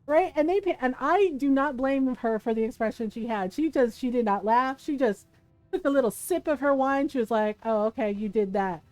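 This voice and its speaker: Animated high-voiced woman streamer. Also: moderate pace, no room sound. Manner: animated, laughing, swears freely. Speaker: game streamer. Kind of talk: casual chat while playing a life-sim game.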